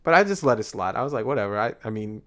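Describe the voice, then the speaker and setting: A man's voice: on the low side, very fast. A man from Boston, co-hosting a podcast, telling a story in casual chat and acting out the dialogue with plenty of swearing. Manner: animated storyteller, acts out dialogue, swears freely. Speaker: podcast co-host.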